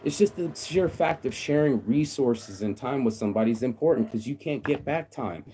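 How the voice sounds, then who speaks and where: Blunt, profane man ranting, mellow voice. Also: mid-range voice, animated, moderate pace, a little hiss or hum. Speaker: vlogger. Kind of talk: casual rant to camera.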